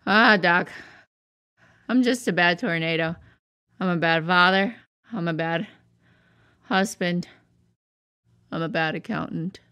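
A woman's voice: fairly low pitch, slow pace, long pauses, pushed and bright, clear, resonant tone, dry recording, studio quality. A woman voicing a gloomy, destructive male tornado in a cartoon, complaining to his therapist in a whiny, exasperated way. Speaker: therapy patient. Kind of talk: cartoon voice acting.

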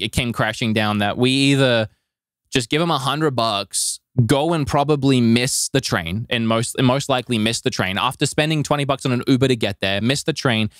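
A man co-hosting a podcast, telling a travel story in a rambling, animated way with lots of filler words. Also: medium pitch, no room sound, clean studio sound. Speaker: podcast co-host. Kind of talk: casual storytelling chat.

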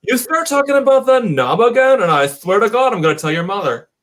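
A man's voice: sits high, sing-song, fairly quick, a bit bright, a little hiss or hum. A man voicing a gossipy valley girl with a put-on Valley Girl accent, scandalized and dramatic. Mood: catty gossip. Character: gossipy catty valley girl, young woman. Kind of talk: comic role-play on a livestream.

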